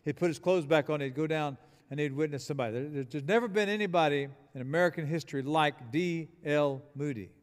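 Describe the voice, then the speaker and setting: A man's voice: fairly high pitch, a little fast, in a large hall. A man preaching a sermon as pastor, emphatic and leading the congregation in call-and-response. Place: church building.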